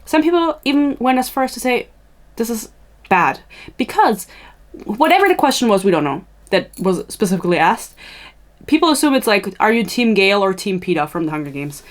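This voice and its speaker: A woman's voice: medium pitch, big pitch swings, brisk. A woman hosting a podcast in a casual, tangential chatty style, swearing freely and laughing at her own asides. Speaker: podcast host.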